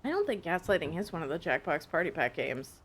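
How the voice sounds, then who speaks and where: A woman streaming a game, chatting casually, excitable and prone to swearing. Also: low voice, fast, husky. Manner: excitable, laughing, swears freely. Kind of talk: casual live game commentary.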